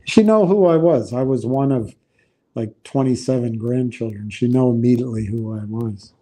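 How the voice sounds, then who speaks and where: A man hosting a livestream, talking in a rambling, halting way with many restarts. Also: medium pitch, warm tone. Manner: halting, meandering, frequent restarts. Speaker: livestream host. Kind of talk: rambling casual livestream talk.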